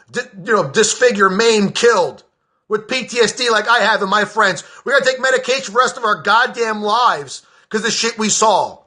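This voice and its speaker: An agitated American man tears into his subject in a high, bright voice. The tone is sharp and forceful, full of cursing and sarcasm. He is a veteran venting in a personal political rant. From United States. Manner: heated, profane, sarcastic.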